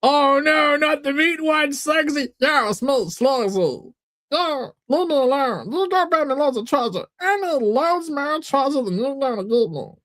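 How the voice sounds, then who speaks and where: A squeaky, high, cartoonish slug creature, as a man puts him on, cranky and foul-mouthed, barking rude demands. The voice jumps far above the speaker's own and swings widely, in a close, dry sound. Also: animated, a little slow, fairly bright tone, dry recording, exaggerated voice. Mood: whiny.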